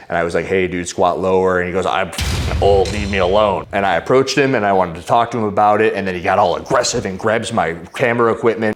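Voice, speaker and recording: A young man with a somewhat low voice tells a personal story in a relaxed vlog style. He gets animated as he goes and loudly acts out what other people said. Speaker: fitness YouTuber.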